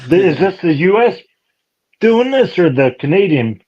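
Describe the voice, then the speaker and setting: A man's voice: sits high, sing-song, normal speed, darkish tone, muffled recording. A man on a casual podcast who asks hesitant questions and often restarts his sentences.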